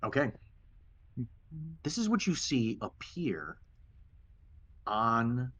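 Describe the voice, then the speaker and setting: A man narrating a tabletop game as dungeon master, relaxed and halting, with restarts. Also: medium pitch.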